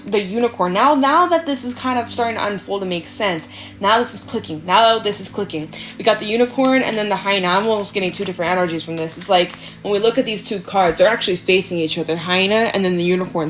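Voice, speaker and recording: A woman giving a casual tarot reading, chatty and animated, swearing freely and acting out quoted voices. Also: mid-range voice, fairly quick. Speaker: tarot reader. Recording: faint background music.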